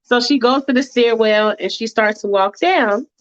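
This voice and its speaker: A woman's voice: on the high side, moderate pace, highs cut off. A woman casually telling a fan-fiction story in a chatty, slangy way with many asides.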